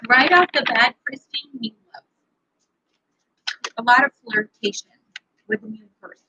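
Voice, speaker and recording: A woman running a live tarot reading, talking to viewers by name in a loose, playful way. Her voice is bright and a little breathy. The sound is dry and somewhat dull, like a lo-fi stream. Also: on the high side, a little slow, dry recording. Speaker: tarot reader.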